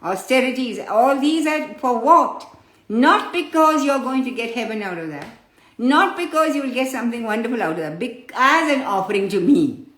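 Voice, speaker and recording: Female spiritual teacher, patient storyteller who calls listeners her children; higher voice, roomy echo. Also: animated, moderate pace, a bit bright. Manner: addresses listeners fondly as children, explains patiently.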